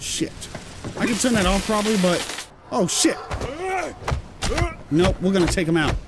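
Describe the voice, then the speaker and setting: A British man giving excitable let's-play commentary and swearing when surprised. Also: high-pitched, normal speed, background noise. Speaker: gameplay commentator.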